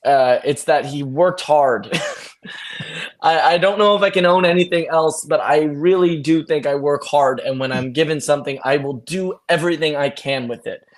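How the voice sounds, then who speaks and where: A young man, an actor as guest, talking in an animated, storytelling way on a video call. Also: a little high, moderate pace. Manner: animated storytelling, acts out friends' voices. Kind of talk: casual video-call interview.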